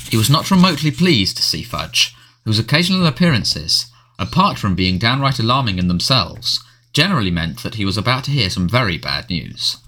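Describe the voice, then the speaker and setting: An audiobook narrator reads a storybook in a measured, expressive manner. His voice is low but moves a lot in pitch, with a bright, forward tone.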